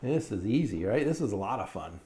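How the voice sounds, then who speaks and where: A man's voice: lowish voice, sing-song, brisk, warm tone, a little hiss or hum. A middle-aged man, a cartoonist, leads a step-by-step drawing lesson for children in a friendly, encouraging way, often checking in with "right?".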